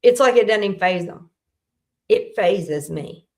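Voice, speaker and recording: A woman's voice: medium pitch, lively intonation, measured pace. A middle-aged woman, hosting a casual faith talk in a folksy, candid storytelling way. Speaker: host.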